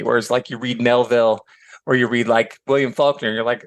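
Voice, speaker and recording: A middle-aged man from Michigan chatting as a podcast guest, animated and filler-heavy, slipping into voices for quotes. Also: mid-range voice, fast talker, no echo. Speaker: podcast guest, author and educator. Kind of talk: casual chat.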